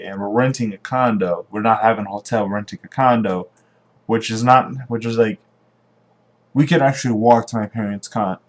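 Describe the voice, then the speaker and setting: Young man, lowish voice, casual vlog talk, rambling, lots of restarts. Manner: rambling, meandering storytelling with many restarts. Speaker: vlogger.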